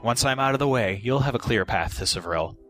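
A man's voice: mid-range voice, expressive, brisk, fairly bright tone, pitched above the performer's own voice, natural voice. A man reading the lines of a bitter, sarcastic male prisoner with a sneering tone. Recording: voice over background music.

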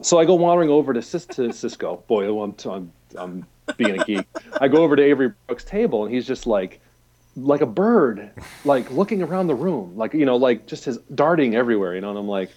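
Lively, rambling male storyteller. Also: medium pitch, brisk, muffled recording. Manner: rambling anecdotal storytelling with many fillers; laughs often and mimics the people in his stories. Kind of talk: casual chat.

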